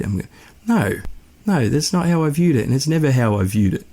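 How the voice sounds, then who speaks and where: A man's voice: a little high, very animated, a little fast, dark tone. A young Australian man tells a story in a casual, laid-back way, swearing and rambling. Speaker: podcast host.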